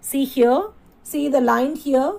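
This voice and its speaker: Woman, teacher, high voice, slow, spells and repeats words. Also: creaky, a little mellow, low-quality recording. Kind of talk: classroom lesson.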